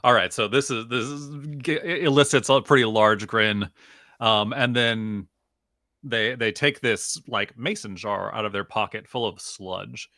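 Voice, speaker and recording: A man's voice: on the low side, fairly even intonation, measured pace, pushed and bright, no room sound, studio quality. A man playing a tabletop game, talking casually and a little hesitantly. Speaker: player.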